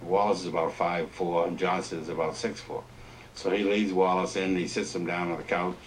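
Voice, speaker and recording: A man recounting an anecdote in a documentary interview, measured and vivid. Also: deep voice, flat delivery, recorded from a distance, a little hiss or hum. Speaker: interviewee, storyteller.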